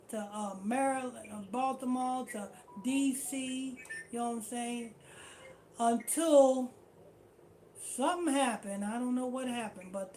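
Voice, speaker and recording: A woman's voice: high-pitched, a little mellow, slight background noise. A woman teaching a street-style scripture class in slangy, repetitive talk. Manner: slangy, repetitive, keeps saying "you know what I'm saying".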